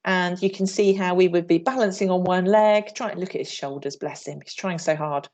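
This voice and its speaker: A woman's voice: lowish voice, a little fast, darkish tone. A woman from England presenting an online training session for teachers, upbeat, showing moves as she talks. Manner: upbeat, demonstrates moves while talking. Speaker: PE trainer leading a teacher workshop. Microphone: video call.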